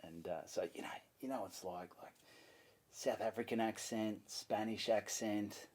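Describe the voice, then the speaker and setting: A man's voice: on the low side, measured pace. An Australian man, a comedian, telling a story in a casual chat, swearing freely and acting out voices as he goes. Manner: animated, swearing, acts out voices in his stories. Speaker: comedian guest.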